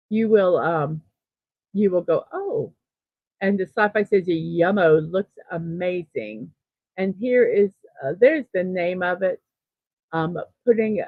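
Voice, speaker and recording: Through a tinny, phone-like, dry recording with no echo comes a woman's mid-range voice. She runs a daily morning livestream, chatting casually and reading out viewer comments. She's upbeat and uses lots of fillers.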